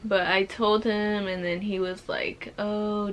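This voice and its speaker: Her voice medium in pitch and fairly flat, a young pregnant vlogger slowly shares a personal story on camera. She uses lots of fillers such as "like" and grows emotional, with a bit of hiss or hum in the recording.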